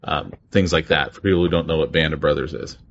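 A man's voice: very deep voice, steady tone, fairly bright tone, a little hiss or hum. A man co-hosting a podcast, telling funny stories in casual chat and laughing through them. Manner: laughing storyteller, quick asides. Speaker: podcast co-host. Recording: dull lo-fi podcast audio.

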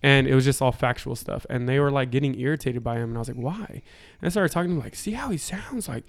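A man in casual podcast conversation, with a smooth, clean voice. He makes his points emphatically and keeps checking in with the listener. The sound is dry and close. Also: mid-range voice, fast talker, no room sound. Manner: emphatic, repeats "right?" to check in. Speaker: podcast co-host. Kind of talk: casual chat.

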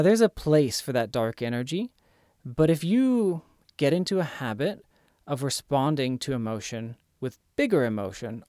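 A man's voice: mid-range voice, darkish tone, no echo, clean studio sound. A man giving earnest, emphatic self-help instruction in a coaching tone. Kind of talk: motivational instruction.

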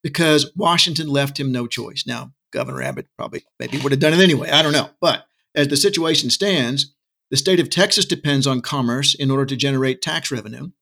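A man's voice: mid-range voice, lively intonation, brisk, gravelly, sharp tone. A middle-aged man talking with passion as an interview guest, arguing his case with asides and rhetorical questions. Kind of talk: casual interview talk. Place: Texas.

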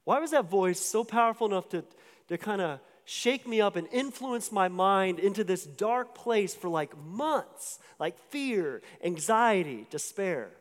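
A man's voice: high voice, expressive, unhurried. A man giving a sermon as a personal testimony, telling his story casually with fillers and restarts. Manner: conversational storytelling with filler words and repeated restarts. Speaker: pastor. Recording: long hall reverb.

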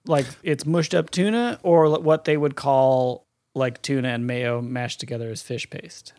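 A man's voice: medium pitch, fairly even intonation, normal speed, darkish tone, no room sound. A man co-hosting a comedy podcast, joking around in casual chat. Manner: jokey, does a mock British accent in bits. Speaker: podcast co-host.

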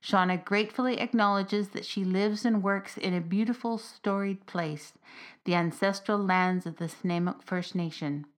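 Woman narrator, lively storybook reading. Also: medium pitch, moderate pace. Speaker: narrator and author.

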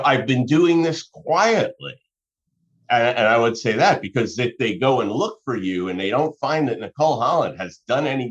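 A man giving conversational business advice, explaining through examples with self-corrections. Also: mid-range voice. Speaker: business advisor. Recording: dull lo-fi sound.

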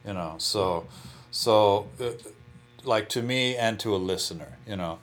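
His voice on the low side and his pace normal, a guitarist chats about his practice method in an easygoing interview, with loose phrasing, restarts, and lots of "you know."

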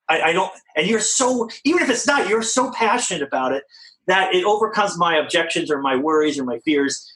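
A man with a fairly high voice that leaps around in pitch. He talks as a guest on a podcast, animated and joking, firing off rhetorical questions. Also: roomy sound, poor audio. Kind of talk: casual interview chat.

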